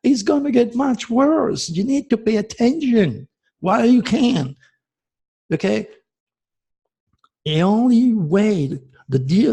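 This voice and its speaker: A man's voice: high-pitched, gravelly, a little mellow, husky. A man from France, hosting an astrology show in a passionate, ranting monologue that turns emotional. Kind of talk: impassioned video monologue.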